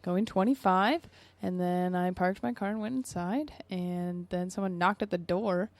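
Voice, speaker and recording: A woman's voice: on the low side, unhurried, no room sound. Young woman with dry, teasing humor. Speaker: podcast co-host. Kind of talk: casual chat.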